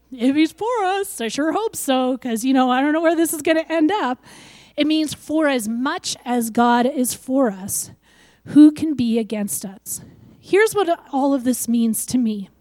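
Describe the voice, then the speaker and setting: An older woman giving a sermon, lively and acting out the voices she quotes. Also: sits high, dry recording. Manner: animated, acts out quoted voices. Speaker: preacher.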